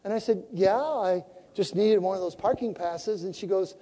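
A woman preaching a sermon as a story, animated and acting out the conversations she tells. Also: medium pitch, moderate pace, in a large hall.

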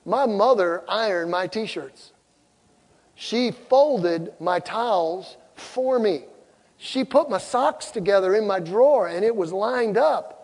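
A middle-aged male pastor delivers a sermon in a noticeably high voice. He tells personal stories with emphasis and turns to the congregation with questions. His words trail off in the long reverb of a large hall. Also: expressive, slow, a little mellow. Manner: emphatic storytelling, asks the crowd questions.

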